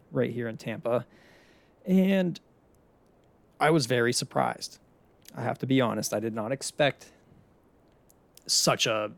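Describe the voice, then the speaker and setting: A man's voice: medium pitch, vocal fry. Casual young man chatting solo. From Pittsburgh area. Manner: loose, chatty, swears casually. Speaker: podcast host.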